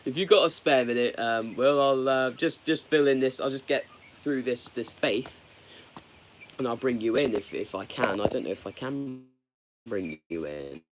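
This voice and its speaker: A man's voice: medium pitch, slight background noise. Rambling man live streaming. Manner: rambling, candid, halting. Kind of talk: casual live stream chat.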